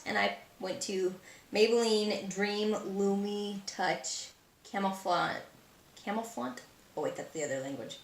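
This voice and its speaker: A tired, slightly hoarse woman chatting casually through a makeup review, rambling and poking fun at herself. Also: lowish voice, a bit bright, echoey room, far from the mic. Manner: chatty, self-deprecating, rambling. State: tired, hoarse late at night. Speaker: beauty vlogger. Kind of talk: casual product review chat.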